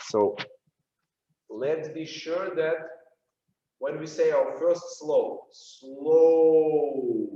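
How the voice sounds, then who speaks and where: A man's voice: on the high side, slow pace, pauses often, mellow. A man with a Russian accent teaching a dance masterclass, counting and chanting the rhythm as he demonstrates. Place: dance studio. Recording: roomy, distant, dull studio sound.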